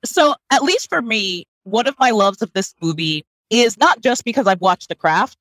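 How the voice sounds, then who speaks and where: Woman, podcast co-host, casual movie chat, very lively pitch, dry close mic. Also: normal speed, dry recording, low-quality recording. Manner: animated, laughing, many "like" fillers.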